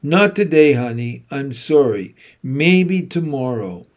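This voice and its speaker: A man reading a weary, gentle mother. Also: medium pitch, animated. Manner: soft, careful, measured. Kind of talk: audiobook character reading.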